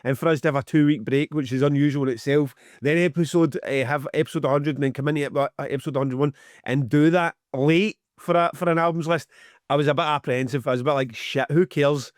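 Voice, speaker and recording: A man's voice: fairly high pitch, fairly even intonation, fast talker, no echo, studio quality. A Scottish man co-hosting a podcast in casual, sweary, teasing chat. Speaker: podcast co-host.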